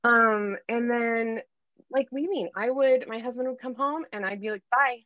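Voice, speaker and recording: A woman's voice: fairly high pitch, moderate pace, no room sound, highs cut off. A middle-aged woman, a guest life coach, earnestly telling a candid personal story in a podcast interview. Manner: earnest, animated storytelling with filler ums.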